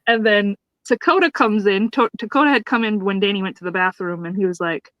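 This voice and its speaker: A woman's voice: mid-range voice, fairly quick, fairly bright tone, no echo, lo-fi sound. A woman co-hosting a podcast, retelling a sitcom episode in casual chat, acting out the characters' lines and laughing often. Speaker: podcast co-host reviewing a sitcom.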